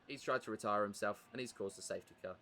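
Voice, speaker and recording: An English man calls a sim racing event live, his voice sitting a little on the low side. He is chatty and breaks off from the race updates to answer his viewers, with a faint hum of noise behind him. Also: fast talker, sharp tone. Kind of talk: live esports race commentary.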